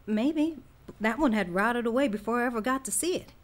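A woman voicing a weary middle-aged scientist and mother who speaks in a measured, reserved way. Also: on the high side, lively intonation, lightly acted. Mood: tired.

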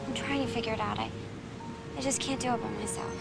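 A woman's voice: on the high side, steady tone, fast, creaky. An actress playing a spirited young woman ghost who scolds and pleads insistently, in film dialogue. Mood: earnest. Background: film score music.

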